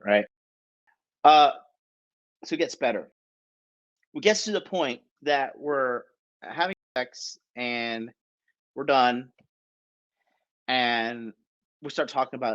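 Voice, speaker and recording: A man's voice: medium pitch, takes it slowly, pauses often, highs cut off. Profane rambling guy telling a story. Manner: profane, rambling, keeps asking "right?". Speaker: podcast storyteller. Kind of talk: casual storytelling.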